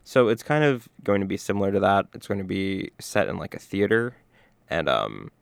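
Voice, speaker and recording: A man with a very low, gravelly voice runs through gaming news in a relaxed podcast chat, tossing in plenty of filler words. His pitch swings around a lot as he talks. The sound is close and dry, with no room echo. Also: normal speed. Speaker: podcast co-host.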